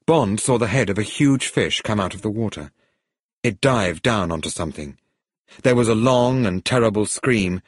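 A man reads an adventure story aloud in a steady, even way. His voice sits low and is slightly husky. The recording is dry and close to the mic. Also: dry recording. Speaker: narrator. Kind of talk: audiobook story reading.

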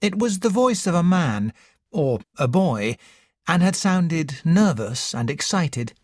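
An audiobook narrator reading a story in a measured, expressive way. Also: medium pitch, no echo. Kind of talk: scripted narration.

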